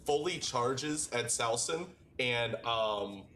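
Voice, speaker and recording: A man playing in a tabletop game, talking in a halting, emphatic way. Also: mid-range voice, expressive, pushed and bright. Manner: halting, lots of fillers and restarts, emphatic. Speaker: player. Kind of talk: casual tabletop game play.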